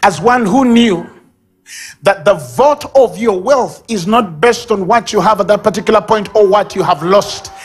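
A man with a Ugandan English accent preaching a sermon at a church service, animated, acting out sobs and baby babble and shouting key lines. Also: high-pitched, moderate pace, husky, faint music behind.

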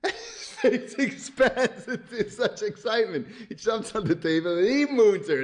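A man excitedly narrating his cartoon idea, laughing through it and acting out sound effects and cries. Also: high-pitched, moderate pace. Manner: keeps laughing at his own story. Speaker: animator pitching a cartoon. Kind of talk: excited story pitch narration.

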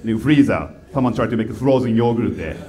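Deadpan Japanese-accented comedian, roomy. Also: male voice, mid-range voice. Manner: halting, simple phrasing, deadpan complaints. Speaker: stand-up comedian. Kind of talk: stand-up comedy set. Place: comedy club stage.

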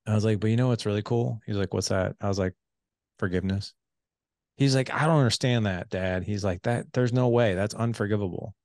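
Podcast host, man, 40s, gravelly low voice, animated storyteller, dry close sound. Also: fairly quick, no room sound. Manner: animated storyteller who acts out quoted dialogue. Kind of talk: casual storytelling conversation.

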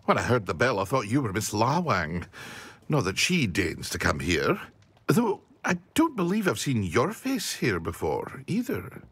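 A man's voice: fairly low pitch, wildly swooping pitch, unhurried, a bit bright, breathy edge, dry recording, exaggerated voice. Fussy chatty potion shop guy in a game, huskyish, voice jumps all over. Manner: talkative, enthusiastic, a bit fussy. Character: chatty male potion shopkeeper, proud of his craft.

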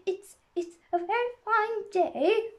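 A woman voicing a timid, anxious male rabbit in a storybook, speaking in a low, hurried, frightened whisper. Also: fairly even intonation, highs cut off. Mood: nervous whispering.

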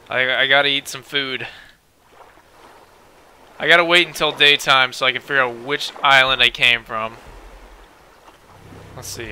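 A young man doing excitable gaming commentary at home, swinging into panicked yelling. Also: mid-range voice, slight background noise. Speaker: let's play gamer.

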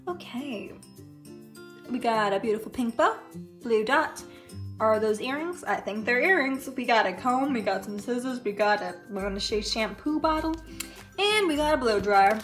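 A woman's voice: fairly high pitch, pushed and bright. Hyper gushing woman in an echoey room. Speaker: toy reviewer. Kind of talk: casual unboxing chat.

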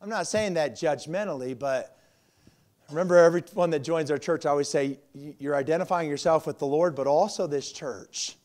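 A male pastor in his forties delivering an evening sermon. His voice sits notably high for a man, and he moves between forceful emphatic passages and hushed, confiding asides to the congregation. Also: normal speed. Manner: preaching with swings from loud emphasis to quiet asides.

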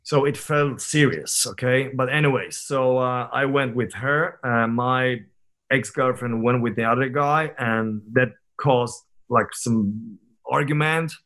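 A man's voice: mid-range voice, measured pace, a bit bright. A man over thirty, a guest on a podcast, telling stories in a candid, reflective way with many fillers and restarts. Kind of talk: casual conversational interview.

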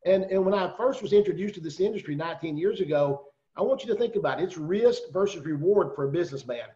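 A man with a Southern US accent hosting a video call, pitching persuasively and addressing listeners directly. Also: animated, fast, warm tone, lo-fi sound. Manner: persuasive, talks straight to listeners. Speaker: host.

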